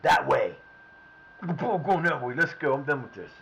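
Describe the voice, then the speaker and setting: A man's voice: medium pitch, expressive, a little fast, gravelly, a bit bright, dull audio, slight background noise. A man streaming a football management game, talking at his players, often frustrated and swearing. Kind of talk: live gameplay commentary.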